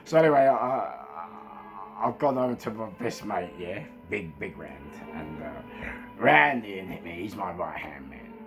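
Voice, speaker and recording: A middle-aged man with a London accent telling a nightclub security story, animated, laughing often and swearing freely. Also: low-pitched, a little slow, creaky. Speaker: former nightclub security boss. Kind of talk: storytelling anecdote. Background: background music.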